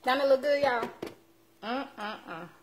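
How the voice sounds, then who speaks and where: A woman with a high, animated voice speaks slowly while cooking in her home kitchen on a live stream, chatting and teasing her viewers. There's slight background noise, including dishes and cutlery clattering.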